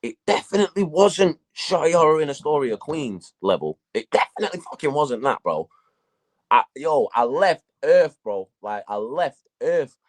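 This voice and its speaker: A man, a battle rapper, telling stories in a casual interview, profane and animated. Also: a little high, normal speed.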